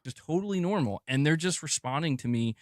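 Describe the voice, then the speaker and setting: A man ranting on a podcast, heated and profane, worked up and fast to vent. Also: fairly high pitch, lively intonation, no echo, studio quality.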